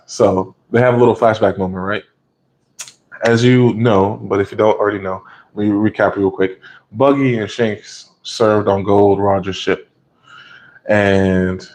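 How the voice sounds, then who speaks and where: A man giving a casual, profane, animated recap of an anime episode, often laughing and acting out the scenes. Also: on the low side, poor audio.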